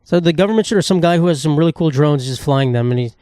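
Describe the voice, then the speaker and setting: A man's voice: fairly high pitch, rapid-fire, dark tone, dry recording, clean studio sound. A man in his twenties hosting a solo comedy podcast, ranting profanely and sarcastically, jumping into silly voices. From United States. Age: 20s. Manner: profane, rambling, sarcastic, with sudden jumps into silly put-on voices. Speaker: podcast host.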